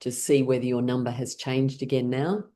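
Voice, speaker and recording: Woman, laughter teacher, playful guided class, bursts of laughter, low voice. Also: fairly even intonation, normal speed, warm tone. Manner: bursts into frequent forced laughter; playful, leading imaginary scenarios.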